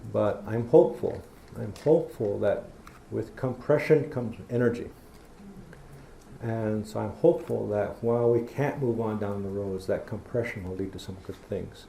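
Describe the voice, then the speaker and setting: Here the middle-aged lecturer's voice is lowish, gravelly, and warm, moving at a moderate pace. He shares down-home stories in a university hall and acts out conversations with kids, with the room's echo and faint noise audible.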